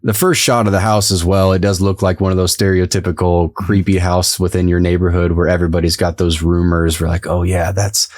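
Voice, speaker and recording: A man's voice: low voice, flat delivery, brisk, few pauses, dry recording, studio quality. A man co-hosting a podcast, recapping a TV episode in casual, rambling chat and laughing easily. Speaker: podcast co-host.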